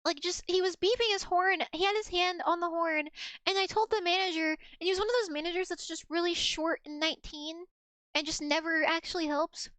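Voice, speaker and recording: Very high-voiced young woman streamer. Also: fairly quick, no room sound. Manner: profane, laughing, animated retelling of work stories. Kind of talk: casual storytelling on a game stream.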